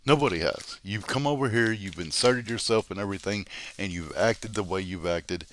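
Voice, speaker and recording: A man's voice: fairly low pitch, normal speed, a bit bright, slight background noise. A man hosting a drama commentary stream, berating someone in a heated, profane rant.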